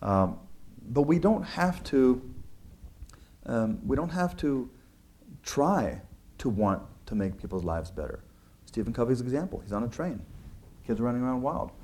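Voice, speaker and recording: A man's voice: medium pitch, lively intonation, measured pace, long pauses, warm tone, a little hiss or hum. A man talking through his book's ideas in an earnest, conversational way, with frequent restarts and filler words. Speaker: author discussing his book. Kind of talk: conversational talk.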